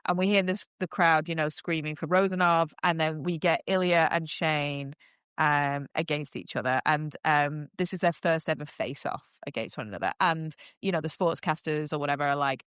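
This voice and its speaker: A woman hosts a casual podcast recap, her speech a steady stream of "um" and "like" as she gushes over the story. Her voice sits on the lower side and comes through smooth and resonant. The sound is dry and close, with no room around it. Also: normal speed, no room sound. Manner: chatty and gushing, heavy use of "um" and "like". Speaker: podcast host recapping a TV series. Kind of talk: casual chat.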